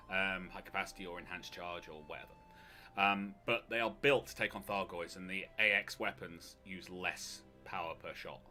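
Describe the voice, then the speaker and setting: A man co-hosting a gaming live stream, chatting casually and playfully over gameplay. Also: fairly low pitch. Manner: playful, jokey, breaks into excited yelps.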